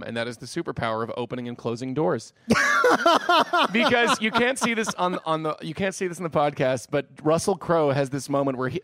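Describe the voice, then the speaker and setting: A man co-hosting a podcast, talking excitedly about films, swearing often and laughing a lot. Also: medium pitch, no echo. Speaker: podcast co-host. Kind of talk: casual podcast chat.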